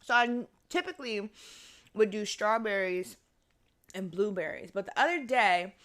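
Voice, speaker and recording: A woman, hosting a casual solo podcast and telling stories in a lively, profane way while she eats. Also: mid-range voice, normal speed. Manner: animated storytelling, swears freely, mimics her own voice. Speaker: podcast host.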